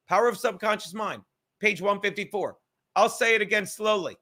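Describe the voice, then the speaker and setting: High bright-voiced man, profane and joking. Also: fairly quick. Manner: profane, joking, reads aloud from a book. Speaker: podcast host. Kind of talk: casual rambling monologue. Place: apartment.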